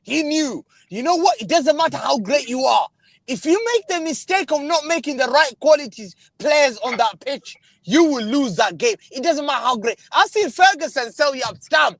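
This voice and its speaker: A man's voice: extremely high pitch, expressive, moderate pace, fairly bright tone, no room sound. A man arguing insistently in a heated fan debate over a video call, talking over the others. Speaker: guest panelist.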